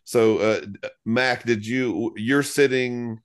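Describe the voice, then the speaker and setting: A man hosting a casual chat, relaxed, prompting the others with questions. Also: mid-range voice, takes it slowly, clean tone. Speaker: podcast host.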